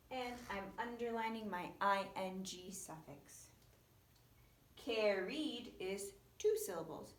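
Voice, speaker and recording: Patient teacher woman, echoey room. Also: medium pitch. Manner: patient, explains step by step. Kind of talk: online spelling lesson. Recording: echoey room, faint hiss.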